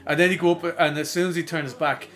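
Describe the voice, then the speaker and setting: A man's voice: a little high, fast, a crowd in the background. Irish man telling crude stories. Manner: animated storytelling, crude, laughing, acts out voices. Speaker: podcast co-host. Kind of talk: casual chat.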